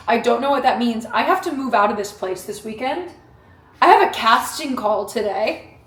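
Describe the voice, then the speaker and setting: A young woman talking candidly to camera in a casual vlog, profane and animated. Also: sits high. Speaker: vlogger training for a boxing match. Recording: echoey room.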